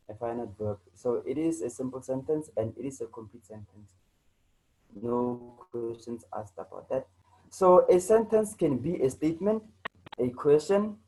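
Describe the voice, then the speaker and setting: A man's voice: mid-range voice, dark tone, poor audio. A man teaching an online grammar lesson, repeating himself and checking in with students as he goes. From South Africa. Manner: repetitive, restarts often, checks in with "right?" and "you know".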